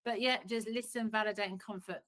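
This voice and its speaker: A woman's voice: medium pitch, steady tone, fairly quick, fairly bright tone, poor audio. A middle-aged woman psychotherapist, giving earnest, practical advice in an online workshop, often restarting her sentences.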